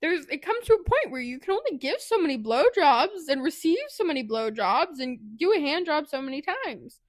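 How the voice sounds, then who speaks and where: High-voiced chatty woman podcaster. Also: moderate pace. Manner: chatty, animated retelling with laughs and asides. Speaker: podcast co-host. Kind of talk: casual book review chat.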